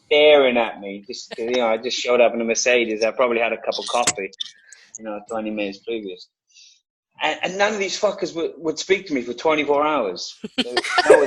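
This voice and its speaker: A man, an actor guest, telling a lively anecdote in casual talk on a video call, swearing freely. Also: medium pitch, slight background noise, low-quality recording. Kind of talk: casual storytelling.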